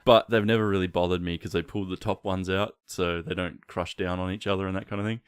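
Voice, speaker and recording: A man's voice: low voice, steady tone, quick pace, smooth, no echo, clean studio sound. A man, co-hosting a podcast in laid-back casual chat and laughing easily. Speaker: podcast co-host.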